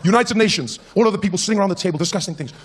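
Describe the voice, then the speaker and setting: A man performing a stand-up comedy routine, talking in an animated way and switching in and out of character voices. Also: high voice, very fast, slightly rough.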